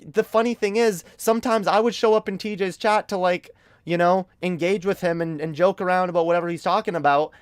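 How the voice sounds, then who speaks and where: Guy on a stream going off, kinda high voice, smooth and dry, swears a lot. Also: steady tone, fairly quick, no room sound. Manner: emphatic, profane, repeats words when worked up. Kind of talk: casual commentary rant.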